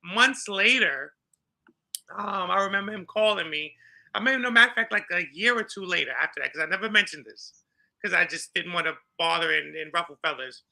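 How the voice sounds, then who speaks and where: A middle-aged man from New York, a podcast guest telling a personal story in an animated way and acting out the dialogue. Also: high voice, brisk, vocal fry. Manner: animated, acts out dialogue with laughter. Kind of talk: storytelling in an interview.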